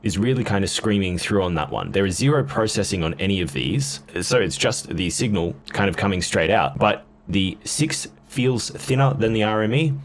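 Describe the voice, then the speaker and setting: A man's voice: on the low side, animated, normal speed, hardly any pauses, slight background noise. A man casually demoing and comparing guitar gear, blunt and offhand in his comments. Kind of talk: casual gear demo talk.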